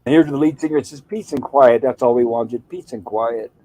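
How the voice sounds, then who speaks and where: A man's voice: mid-range voice, a little fast, mellow, poor audio. Man casually recapping an old sitcom. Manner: reads out quoted lines in a loose, chatty recap. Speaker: show host. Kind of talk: casual retelling of a TV episode.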